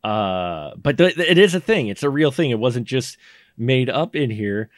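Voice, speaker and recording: A man co-hosting a casual movie podcast, rambling and joking as he talks scenes through. His voice sits at an ordinary middle pitch. The close mic gives a dry, dead room sound. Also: lively intonation, normal speed, no echo. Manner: rambling, jokey, acts out scenes with put-on voices. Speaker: podcast co-host. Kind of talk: casual movie review chat. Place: indoor studio room.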